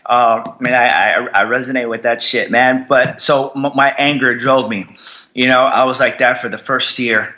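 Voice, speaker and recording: A man's voice: mid-range voice, steady tone, normal speed, sharp tone, highs cut off. A man telling his story as a podcast guest, raw, blunt and heavily profane. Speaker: podcast guest, combat veteran. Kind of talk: candid interview storytelling.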